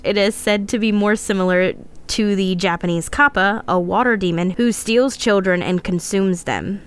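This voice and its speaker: A woman's voice: medium pitch, clear, resonant tone. Giggly woman reading a podcast legend. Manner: laughs often, reads notes with stumbles. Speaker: podcast co-host. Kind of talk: casual podcast storytelling.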